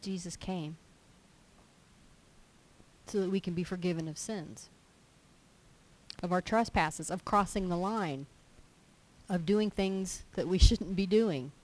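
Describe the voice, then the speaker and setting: The recording quality is poor as a fairly low-pitched woman preaches slowly, leaving long pauses. She reads scripture aloud, unpacks its meaning, and at times performs the complaints of people she quotes.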